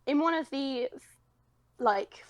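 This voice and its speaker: A young voice actress from the United Kingdom takes it slowly in a high, lively voice, guesting on a casual interview chat. Self-deprecating and rambling, she laughs frequently in British English, with no echo on the recording.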